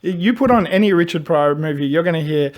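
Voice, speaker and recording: Animated man retelling movie scenes. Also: on the high side, brisk. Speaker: panel host. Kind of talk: casual movie review chat.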